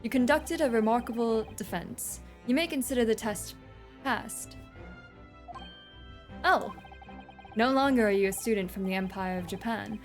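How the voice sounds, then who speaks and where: A man's voice: very high voice, soft background music. A woman doing a stern older British judge. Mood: stern formal. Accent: posh British, attempted. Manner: formal, measured, commanding.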